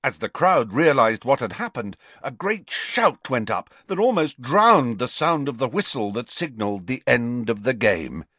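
A male audiobook narrator tells the story with dramatic energy. His pitch swings widely from line to line. The recording is dry and close, with no room sound. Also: a little slow, hardly any pauses, husky, dry recording. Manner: animated, dramatic reading. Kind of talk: scripted narration.

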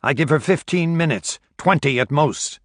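A man narrating an audiobook voices a ruthless male captor, giving loud, clipped commands across a boat deck. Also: fairly low pitch, moderate pace, no echo, studio quality. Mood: commanding.

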